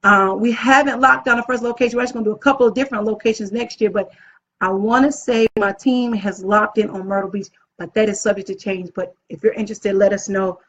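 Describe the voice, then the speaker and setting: A woman hosting a casual live video as an event planner, upbeat and chatty, often gushing about how excited she is. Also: mid-range voice, fast talker. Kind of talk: casual live-stream talk. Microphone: phone or webcam live stream. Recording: dull lo-fi live-stream audio.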